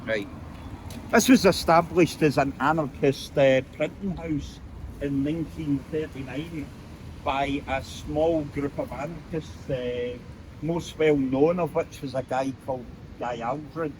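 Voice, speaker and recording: A man's voice: a little high, unhurried, a little mellow, slight background noise. A man with a Glasgow accent leading a walking tour outdoors, telling local history anecdotes and acting out quoted voices. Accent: Scottish (Glasgow). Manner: anecdotal, acts out quoted voices, frequent "uh" fillers. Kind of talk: guided street tour storytelling. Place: outdoors on a city street.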